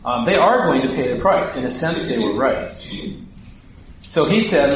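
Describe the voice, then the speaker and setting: A man's voice: fairly high pitch, animated, moderate pace, pauses often. A man giving sermon-style Bible teaching, putting questions to his listeners as he explains a passage. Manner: poses questions to the audience. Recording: very echoey hall, distant mic, background noise.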